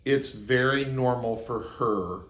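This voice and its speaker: A man's voice: medium pitch, slow, a bit bright, echoey room. A man sharing a personal story as advice to his viewers, speaking earnestly and acting out the lines he quotes. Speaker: relationship advice host. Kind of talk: advice monologue to camera.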